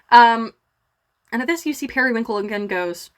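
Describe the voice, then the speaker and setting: A woman's voice: a little high, expressive. Casual woman game master narrating. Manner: casual, many fillers, brisk scene-setting.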